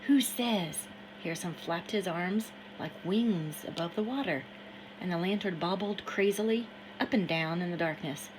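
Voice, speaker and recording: A woman narrating a novel in first person, steady and measured. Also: on the low side, a little hiss or hum, poor audio. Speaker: audiobook reader.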